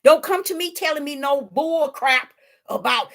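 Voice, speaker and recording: A woman's voice: high-pitched, expressive, normal speed, fairly bright tone. A woman preaching informally, emphatic and rhetorical, with folksy dialect and phrases repeated for emphasis.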